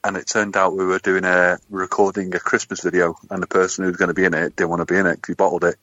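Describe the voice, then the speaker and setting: A man's voice: low voice, flat delivery, fast talker, pushed and bright, no echo. A man from England telling jokey, sweary stories in casual podcast banter. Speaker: podcast co-host. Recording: dull lo-fi sound.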